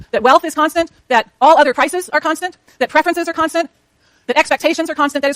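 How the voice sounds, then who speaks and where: A woman's voice: sits high, fairly bright tone, no room sound. A middle-aged woman lecturing a university economics class in a chatty way, asking the students questions as she goes.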